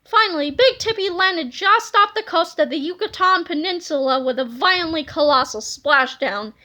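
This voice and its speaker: A woman reading a children's book aloud with lively, expressive storytelling. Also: extremely high pitch, moderate pace. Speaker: reader.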